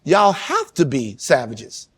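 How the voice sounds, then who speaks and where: A man's voice: mid-range voice, huge pitch swings, takes it slowly, fairly bright tone, slightly rough. A man on a casual panel podcast, speaking with passion and repeating points for emphasis as he tells a story.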